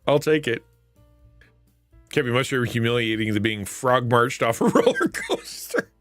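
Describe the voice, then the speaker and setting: A man's voice: mid-range voice, sing-song, a little slow, a bit bright, faint music behind. A man hosting a live stream, chatting casually with viewers and retelling funny stories, laughing often, with a stuffy nose. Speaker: livestream host.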